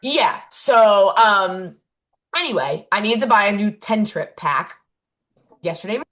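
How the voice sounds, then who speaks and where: A woman's voice: medium pitch, expressive, a little slow, a bit bright. A woman co-hosting a casual podcast, telling a story about her own week. She rambles along with plenty of fillers and restarts, and pokes fun at herself as she goes. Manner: rambling storytelling with many fillers and self-corrections; laughs at herself while telling stories. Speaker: podcast co-host. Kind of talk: casual chat.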